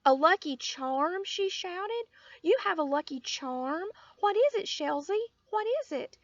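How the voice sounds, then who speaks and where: A woman voicing a bossy, excitable little rich girl in a storybook reading. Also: slow, creaky, dry recording, exaggerated voice. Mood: excited. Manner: shrill, showy and excitable. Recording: dull lo-fi audio.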